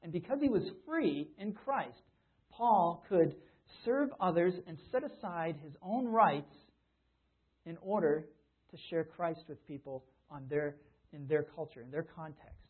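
Guy giving a sermon, kinda husky, chatty with lots of restarts, sounds like it's coming through a phone. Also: on the high side, lively intonation, measured pace, narrow, tinny audio. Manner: conversational, with repeated restarts. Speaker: preacher.

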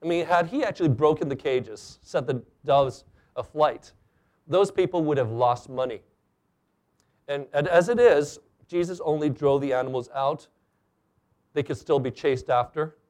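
A preacher man gives a sermon from a church stage, his voice sitting a little high. He talks in an animated way and acts out the people he quotes. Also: moderate pace.

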